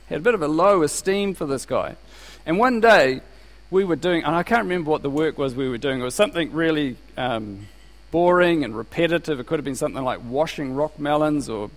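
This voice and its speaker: Pastor, man, slightly high voice, chatty sermon with questions, long hall reverb. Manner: conversational preaching with rhetorical questions and anecdotes.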